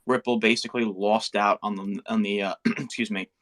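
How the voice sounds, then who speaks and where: A man in an online community discussion, speaking in measured, halting phrases. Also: lowish voice, steady tone, fairly bright tone.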